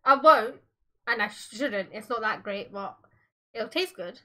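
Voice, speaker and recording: A woman banters in a dry, teasing way during a casual cooking chat. Her voice is high and bright. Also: lively intonation, unhurried. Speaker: streamer's sister.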